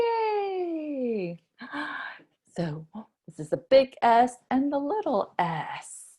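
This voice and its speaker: A woman's voice: fairly low pitch, a little mellow. A woman, a children's librarian, teaching a preschool storytime lesson with gasps and a sing-song delivery for small children.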